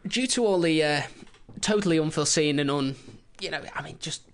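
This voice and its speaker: A man co-hosting a casual history podcast, telling the story with a dry, deadpan, sarcastic manner. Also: fairly high pitch, brisk. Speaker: podcast co-host.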